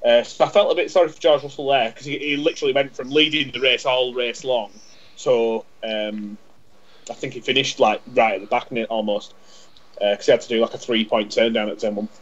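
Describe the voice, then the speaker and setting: Over dull lo-fi audio, a male podcast co-host chats casually and rambles through a story, stumbling and repeating himself. His mid-range voice keeps a steady tone at a slightly fast clip.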